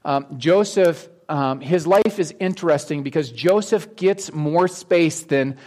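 A man's voice: on the high side, measured pace, darkish tone. A male pastor telling a personal story at the start of a sermon in a conversational way, with many ums and restarts.

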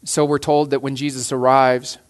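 A man's voice: mid-range voice, level tone, moderate pace. A man preaching a sermon as a pastor, earnest, often restarting and repeating phrases.

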